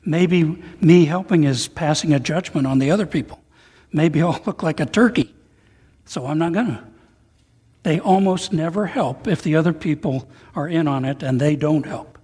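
A male preacher with a slightly high, husky voice delivers a sermon, retelling a parable with animated storytelling. His voice rings out with a long reverb, as in a large hall. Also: normal speed. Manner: animated storytelling, reading a retold parable aloud.

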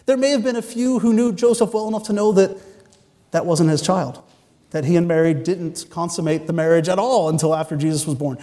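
A male pastor preaching a Sunday sermon in a church sanctuary. His voice sits fairly high for a man and carries a long hall reverb. He retells the story earnestly and drops in wry jokes. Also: brisk, mellow. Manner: earnest, storytelling, with joking asides.

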